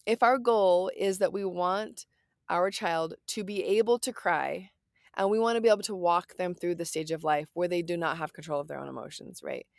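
A woman's voice: lowish voice, moderate pace, creaky, dry recording, studio quality. A woman in her thirties talking casually and earnestly about parenting, reassuring and chatty. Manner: earnest, reassuring, lots of "like" and "right?". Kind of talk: casual parenting advice talk.

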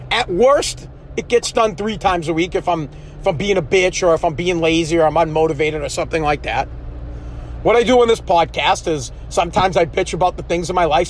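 A man hosting a solo podcast from his truck while driving, ranting in a profane, worked-up way and getting loudly passionate. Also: high-pitched. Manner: passionate, yells when fired up. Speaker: podcast host. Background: faint road and engine noise.

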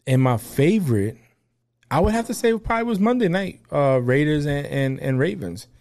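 Man, sports chat co-host, mellow dark tone, laid-back, opinionated. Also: a little high, expressive, normal speed. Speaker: podcast co-host.

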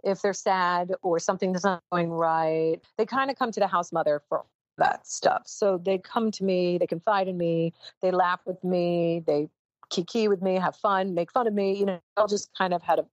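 An American woman in her fifties chatting as a guest in an interview, animated and emphatic, often laughing. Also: lowish voice, normal speed, no echo, highs cut off. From United States. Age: 50s. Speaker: guest judge. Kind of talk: casual interview chat.

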